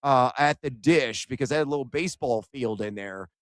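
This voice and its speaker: A man co-hosting a sports radio show, excitedly recounting his day at a basketball event and acting out the conversations. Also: mid-range voice, brisk, no room sound. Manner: animated storyteller, acts out quoted exchanges.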